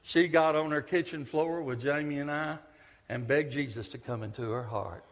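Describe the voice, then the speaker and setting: A man preaching a sermon, telling stories with big swings from loud to hushed. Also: a little high, normal speed. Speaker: pastor, visiting preacher. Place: church sanctuary. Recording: echoey church hall.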